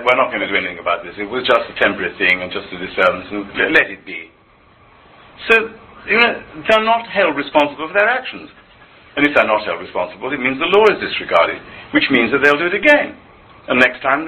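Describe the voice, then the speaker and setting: Animated, stammering man. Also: on the high side, a little hiss or hum, rough recording. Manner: animated, with frequent stammered repetitions. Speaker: interviewee. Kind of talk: impassioned conversational interview.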